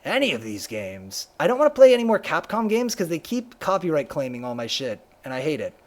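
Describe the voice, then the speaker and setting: High, lively-voiced male streamer. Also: a little fast. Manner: chatty, reads game text aloud, hums and scats to himself. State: losing his voice a little. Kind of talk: casual live game stream chat.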